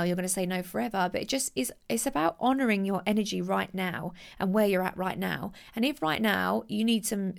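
A woman in her thirties talks through self-help tips in a loose, conversational way. She is chatty and animated and slips into little acted-out voices when she quotes people. She laughs at herself now and then. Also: mid-range voice, creaky. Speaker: host giving self-help advice. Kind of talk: casual motivational talk.

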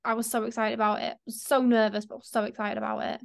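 A young woman hosts a casual podcast chat. Her voice sits a little high, and she rambles along with plenty of fillers. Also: little pitch movement, fast talker, creaky. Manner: chatty, rambling, lots of fillers. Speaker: podcast host.

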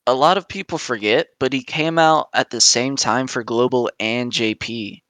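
Man, podcast co-host, rambly and enthusiastic, bright voice, dry sound. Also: mid-range voice, normal speed, no room sound. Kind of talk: casual chat about a mobile game.

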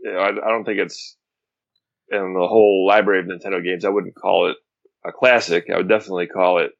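A man co-hosting a casual gaming chat, relaxed and hesitant, with many fillers. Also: sits low, fast, vocal fry, no echo, dull audio.

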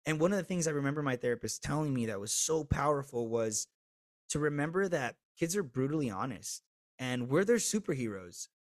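A man in his thirties, a podcast guest telling a candid personal story with swearing, swinging between loud and hushed. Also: medium pitch, lively intonation, fairly quick, no room sound.

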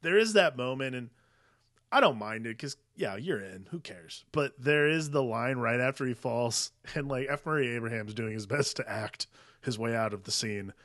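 A man talking through a movie with a friend in a loose, emphatic way, dropping in curses and leaning on "like" a lot. His tone is bright and forward, and it is recorded dry and close with no room sound. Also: mid-range voice, lively intonation, moderate pace, dry recording. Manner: emphatic, swears, uses "like" as a filler. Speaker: podcast co-host. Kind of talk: casual movie review chat.

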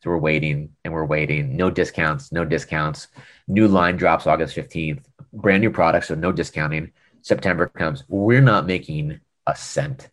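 An American man who used to be an e-commerce director tells a business story during a casual interview, acting out the dialogue as he goes. He has a very deep voice and a moderate pace, and he's an animated storyteller.

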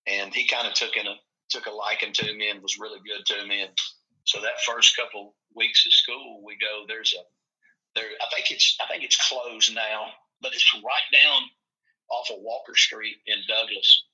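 Folksy man, bright voice. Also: lowish voice. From Tennessee. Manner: folksy, rambling, acts out quoted voices. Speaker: football coach. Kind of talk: casual storytelling chat. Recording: muffled lo-fi recording.

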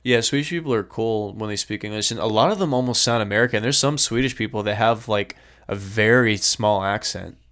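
A man's voice: on the low side, fairly quick, hardly any pauses, fairly bright tone. A man co-hosting a podcast, chatting casually and swearing freely. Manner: laid-back, swears casually. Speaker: podcast co-host. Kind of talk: casual chat.

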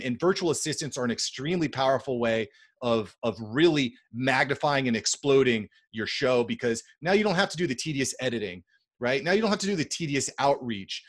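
A man as a podcast guest, speaking confidently in casual chat and repeating key points for emphasis. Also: medium pitch.

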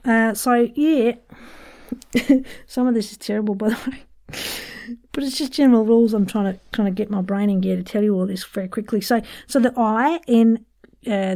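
A woman's voice: mid-range voice, moderate pace, dark tone. Chatty woman giving a lesson. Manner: chatty and playful, self-deprecating with frequent laughs. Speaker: voice and accent coach, podcast host. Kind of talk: casual podcast accent lesson.

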